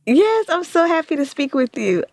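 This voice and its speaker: A woman reporter interviewing a guest, asking questions in a bright, eager way. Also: sits high, big pitch swings, normal speed, no echo, studio quality.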